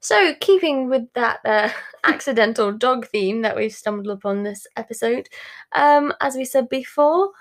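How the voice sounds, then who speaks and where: High-voiced laid-back woman. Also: expressive, moderate pace. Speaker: podcast co-host. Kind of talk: casual chat.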